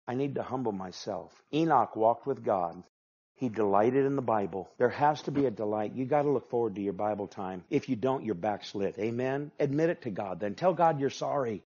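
A male pastor preaching a sermon with emphatic delivery, swinging from hushed asides to loud, forceful passages. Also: medium pitch, lively intonation, moderate pace, husky. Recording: dull lo-fi sound.

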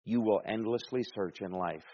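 A man's voice: fairly low pitch, normal speed, warm tone, lo-fi sound. A man preaching an expository sermon, reading scripture aloud and explaining it with emphatic, rising delivery.

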